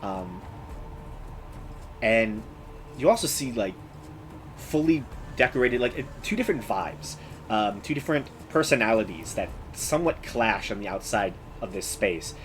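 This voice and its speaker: Man, game master, halting narration, filler words, faint ambience. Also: lowish voice, lively intonation, slight background noise, low-quality recording. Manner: halting, many ums and uhs.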